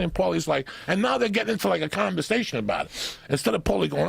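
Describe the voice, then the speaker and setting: A middle-aged comedian telling an animated, profane story and acting out the people in it. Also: male voice, fairly high pitch, very fast, creaky, slightly rough. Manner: profane, excitable, acts out voices. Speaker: comedian guest.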